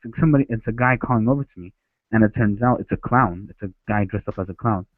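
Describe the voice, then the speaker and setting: A man's voice: on the low side, quick pace, dry recording. Man telling a story over a tinny line. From Ecuador. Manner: rambling, with frequent restarts. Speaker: caller. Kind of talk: phone-in storytelling. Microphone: headset. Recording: dry, tinny phone-like line.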